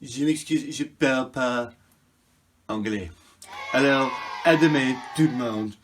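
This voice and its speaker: A man playing a bumbling male prime minister who rambles along in a halting, hesitant way. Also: medium pitch, background noise, lightly acted. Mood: rambling.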